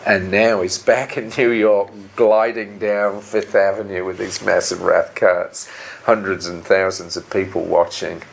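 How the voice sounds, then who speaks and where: An older man in an interview, recalling events in a relaxed, conversational way. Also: low voice, unhurried, vocal fry, a little hiss or hum. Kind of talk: reminiscing interview.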